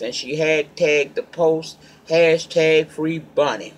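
Sassy gossip-vlogging man, slightly high voice. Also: takes it slowly. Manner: sassy, emphatic, talks straight to viewers; loud bursts of emphasis between calmer asides. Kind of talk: casual gossip commentary.

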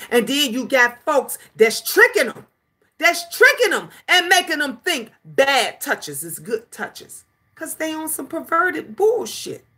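A woman in her fifties hosts her own commentary talk, and her voice sits high with a bright, forceful edge. She is preachy and emphatic, scolding her listeners and acting out stories with lively energy. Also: slow. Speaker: commentary channel host. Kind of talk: casual commentary rant.

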